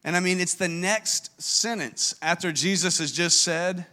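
A man's voice: sits high, unhurried, sharp tone. A man preaching a sermon as pastor, emphatic and earnest, often restarting his words.

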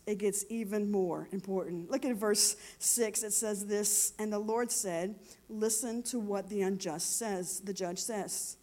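A woman preaching a sermon, moving between quiet teaching and loud, impassioned exhortation. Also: medium pitch.

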